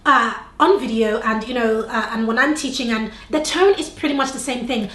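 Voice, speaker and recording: A woman's voice: fairly high pitch, moderate pace, hardly any pauses, fairly bright tone, echoey room. A young adult woman teaching on-camera tips to the viewer, shifting her tone and pace on purpose and checking in with questions. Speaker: video presentation coach. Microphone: camera facing speaker.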